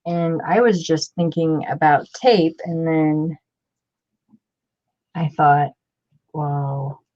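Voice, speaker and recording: Slow, rambling woman crafting on camera. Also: sits low, a little mellow, dull audio. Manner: rambling, self-interrupting, chatty. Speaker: craft channel host. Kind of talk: casual crafting chat.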